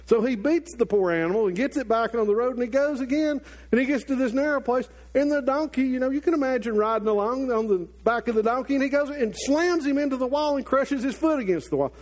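A middle-aged man with a notably high voice preaches to his congregation. He tells the story in a lively way and acts out the characters' lines as he goes. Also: quick pace. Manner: animated storytelling with acted-out quotes. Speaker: pastor. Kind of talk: sermon.

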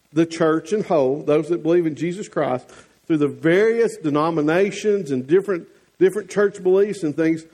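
High-voiced Southern pastor preaching. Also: male voice, darkish tone. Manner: folksy, teasing, earnest. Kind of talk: sermon.

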